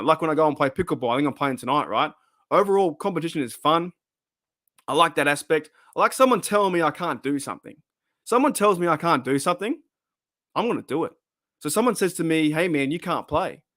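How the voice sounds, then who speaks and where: A man in his thirties chats loosely on a livestream, looping back over his words and swearing casually. His voice sits a little high and is wearing thin. The sound is dry and close, with no room echo. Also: expressive, fast, fairly bright tone. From Australia. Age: 30s. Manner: rambling, repeats himself, swears casually. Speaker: livestream host. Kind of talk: casual livestream chat reading comments.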